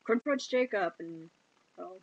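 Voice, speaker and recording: A woman retelling a film plot in casual chat, giggling and slipping into quick put-on voices for the characters. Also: medium pitch, expressive, no room sound, lo-fi sound. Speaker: movie reviewer.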